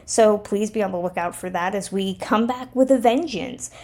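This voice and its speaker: A woman's voice: medium pitch, normal speed, warm tone. A woman hosting a podcast, reading an upbeat outro with announcements and thanks. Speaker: podcast host.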